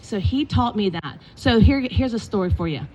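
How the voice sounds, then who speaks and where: A middle-aged woman, a basketball coach, telling lively stories in a eulogy and acting out the quotes. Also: on the high side, normal speed, a little hiss or hum. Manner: animated storytelling with acted quotes. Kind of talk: eulogy with storytelling. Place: indoors at a funeral gathering.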